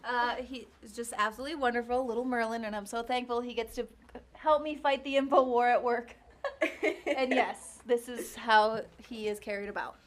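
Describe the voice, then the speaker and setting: A woman's voice: on the high side, fairly even intonation, normal speed. A woman chatting as a studio co-host, playful and giggly.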